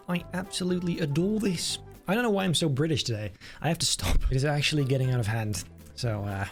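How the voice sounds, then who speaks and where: A man giving casual, enthusiastic gameplay commentary, chatting and thinking aloud as he builds. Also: medium pitch. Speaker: game video creator.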